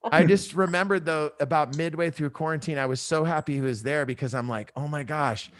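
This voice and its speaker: A middle-aged man doing a stand-up comedy set over a video call from his home, telling animated stories and acting out the voices of his family. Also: on the high side, a little fast. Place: home room in San Diego. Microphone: headphone mic on a video call. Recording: video call with loud audience laughter.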